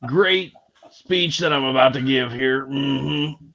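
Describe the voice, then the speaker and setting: A man putting on the voice of a slow, drawling, simple-minded country man with a low, grunting delivery. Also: a bit bright, dull audio.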